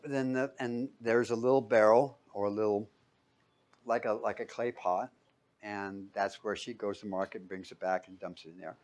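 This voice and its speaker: Man preaching, loud then hushed. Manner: asks the room questions and answers them himself; swings between loud emphatic peaks and quiet low asides. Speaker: pastor. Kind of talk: sermon.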